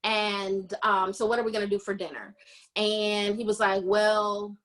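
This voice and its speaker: A woman hosting a podcast, casually recapping a romance novel and acting out the characters' lines with animated storytelling. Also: mid-range voice, a little slow. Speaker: podcast host. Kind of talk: casual book recap chat.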